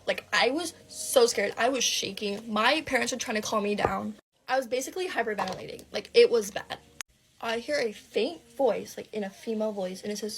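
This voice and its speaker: A young adult woman vlogger telling a dramatic personal story, animated and breathless, with lots of fillers and swearing. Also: a little high, brisk.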